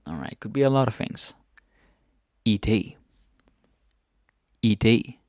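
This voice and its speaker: Slow, gravelly male teacher. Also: on the low side, no echo, clean studio sound. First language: Danish. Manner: relaxed, repeats words, asks "right?" often. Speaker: language teacher. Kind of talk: casual language lesson.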